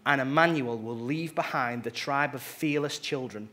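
Guy reading God as a king, firm declaring lines, loving, middle pitch. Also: moderate pace, bright, forceful tone, close to an everyday voice. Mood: tender. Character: resolute loving God the Father, male king. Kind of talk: dramatic reading from a storybook.

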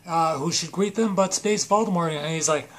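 A man's voice: a little high, moderate pace, a bit bright. A man casually telling a comedic made-up story, rambling with fillers and swearing.

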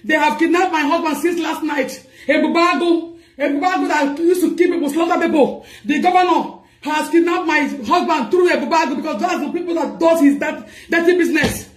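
A woman's voice: high-pitched, fairly quick, echoey room. A woman with a Nigerian accent making a distressed public appeal, pleading frantically and repeating cries for help. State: distressed and crying out.

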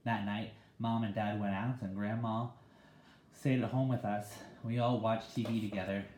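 A man reading a children's novel aloud in a relaxed, conversational way. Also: lowish voice, moderate pace. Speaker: reader. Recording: echoey room.

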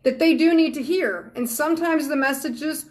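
A woman's voice: high-pitched, moderate pace, a little mellow. A woman from Georgia, hosting a live stream as a psychic medium and chatting earnestly and affectionately with viewers. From Georgia, USA.

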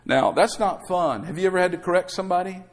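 A middle-aged pastor preaches fast in a high-pitched voice, urging the congregation to say amen. He tosses in conversational asides and rhetorical questions.

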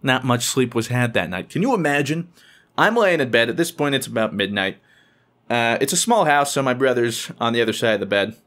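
A young man telling a funny story to camera in an excitable, animated way, often squealing in high voices when he quotes people. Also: brisk.

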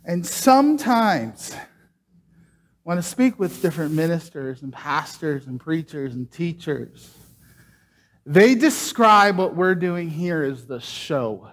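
A man's voice: fairly high pitch, animated, takes it slowly. A man preaching a casual sermon, chatting and joking with the congregation while doing a trick.

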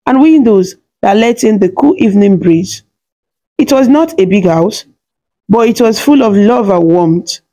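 A woman storyteller calmly narrating a scripted folk tale. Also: mid-range voice. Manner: calm, even storytelling.

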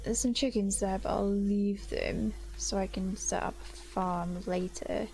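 A young woman talks her way through a game in an unhurried, chatty way, poking fun at herself. Her voice has a gravelly edge. A faint hiss sits under the recording. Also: mid-range voice, steady tone, mellow. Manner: chatty, self-mocking, greets mobs in a sing-song voice. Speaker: gaming channel host. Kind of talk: casual gameplay commentary.

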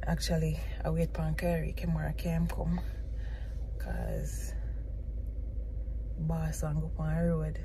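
A woman's voice: low voice, expressive, takes it slowly, gravelly, pauses often, warm tone, a little hiss or hum. A woman chatting casually to camera as a family vlogger in a van, cooing now and then at her small child. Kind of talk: casual vlog chat to camera.

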